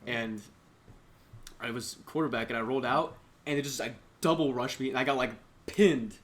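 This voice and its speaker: A man's voice: medium pitch, normal speed. A young man co-hosting a casual podcast, rambling through sports stories, swearing and acting out what people said. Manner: rambling storyteller, swears, voices quotes. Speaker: podcast co-host. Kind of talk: casual chat.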